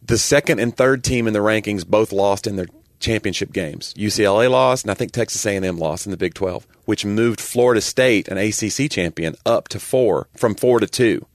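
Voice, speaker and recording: A man's voice: lowish voice, brisk, few pauses, dry recording. A man co-hosting a podcast, joking and reeling off sports stats in casual chat. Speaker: podcast co-host.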